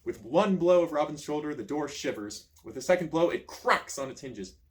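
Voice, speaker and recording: Lively man reading an adventure book. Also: a little high, moderate pace. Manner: lively storytelling with asides. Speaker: reader of a choose-your-own-adventure book. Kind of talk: expressive read-aloud narration.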